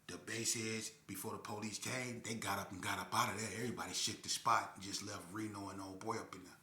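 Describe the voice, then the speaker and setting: A man telling a crime story in a casual, animated way, adding sound effects and slang. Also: lowish voice, fast. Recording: echoey room.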